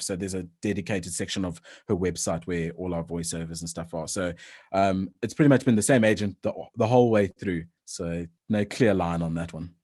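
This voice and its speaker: A man's voice: low voice, moderate pace. A man, a voice-over artist, chatting casually in an interview with frequent restarts. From South Africa. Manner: relaxed, rambling with frequent restarts and laughs.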